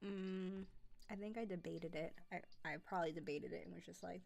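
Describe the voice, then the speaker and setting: A woman's voice: on the low side, fairly even intonation, moderate pace, gravelly, darkish tone. A young woman chatting casually on a live stream, rambling, with many fillers and self-corrections. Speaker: streamer and narrator.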